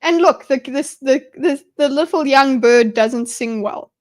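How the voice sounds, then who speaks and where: High-voiced young woman rambling on a stream. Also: measured pace, a little mellow. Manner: rambling and enthusiastic, many restarts. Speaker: streamer hosting a live discussion. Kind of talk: casual live-stream commentary.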